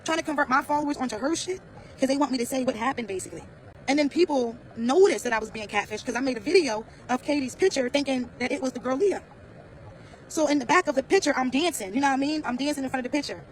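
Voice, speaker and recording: A man's voice: extremely high pitch, expressive, fast, rough recording. A man telling a casual storytime rant to his viewers, blunt, profane and slangy, repeating phrases as he talks. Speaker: vlogger.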